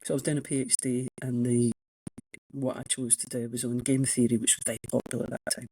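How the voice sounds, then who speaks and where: A woman's voice: extremely low pitch, level tone, quick pace, dark tone, slightly rough, rough recording. A Scottish woman in her sixties, an economics professor telling frank, self-mocking stories as a guest in a casual interview. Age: 60s.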